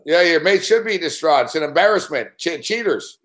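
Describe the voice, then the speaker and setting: Brief: swearing, ribbing male show host, slightly high voice. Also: animated, brisk, a bit bright. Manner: profane, teasing. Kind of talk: casual chat.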